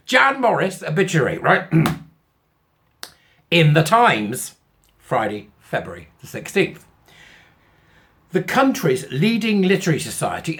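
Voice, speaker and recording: A man's voice: a little high, huge pitch swings, moderate pace, fairly bright tone. A man hosting his own channel, talking in a sarcastic, mocking way with frequent asides. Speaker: channel host. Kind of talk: casual commentary.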